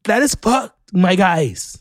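A man from Florida hosts a solo podcast in a high-pitched, excitable voice, swearing freely as he riffs on the news. The recording is dry and close, with no room sound. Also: slow pace, dry recording. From Orlando, Florida, USA. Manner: excitable, profane ranting. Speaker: podcast host. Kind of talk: casual solo podcast commentary.

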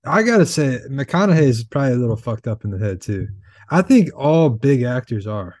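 Lively young man, dry close podcast chat. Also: mid-range voice, a little fast, no room sound. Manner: teasing, laughs a lot. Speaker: podcast co-host. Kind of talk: casual chat.

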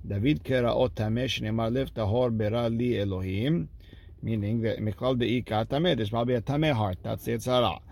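A man's voice: medium pitch, fairly quick, gravelly, a little mellow. A man giving a daily Talmud lesson, reading the text aloud line by line and then translating it in casual speech. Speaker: Talmud teacher.

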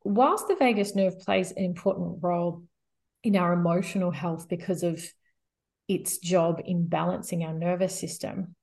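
A woman guest expert in an interview, explaining calmly and steadily with frequent "you know" fillers. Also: lowish voice, moderate pace, creaky.

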